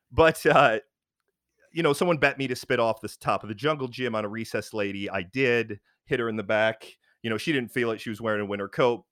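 Brief: low-voiced man, frank rambling storyteller, dry close sound, lots of ums. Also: a bit bright, no room sound. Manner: rambling, frank, many fillers and restarts. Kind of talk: casual chat, personal storytelling.

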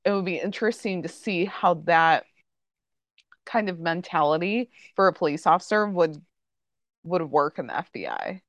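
Woman podcast host, casual recap chat, filler-heavy delivery, animated intonation, dry mic. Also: on the low side, normal speed, no room sound. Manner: chatty, full of "like" and "um" fillers.

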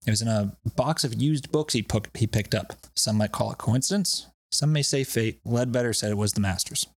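A man with a lowish voice hosts a podcast, chatting casually and telling loose stories with lots of laughter and profanity. He speaks fairly quickly, and there's no room sound.

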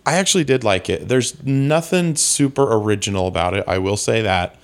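A man's voice: fairly low pitch, lively intonation, fairly quick. A man co-hosting a podcast, chatting casually and joking with easy laughs. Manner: joking, rambling, laughs often. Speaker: podcast co-host. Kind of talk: casual chat.

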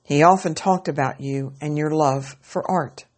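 A woman narrating a story aloud in a slow, measured reading. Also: sits low.

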